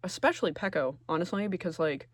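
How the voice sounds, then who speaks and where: A man giving casual, sarcastic tier-list commentary, full of swearing, who jumps between loud outbursts and low muttering. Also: fast, no room sound, clean studio sound. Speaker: video creator.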